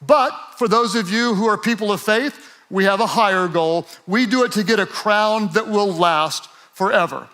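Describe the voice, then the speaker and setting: A man preaching a sermon to a live audience. He is energetic and playful, acts out quoted voices, and builds up to shouts. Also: high voice, normal speed. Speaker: pastor.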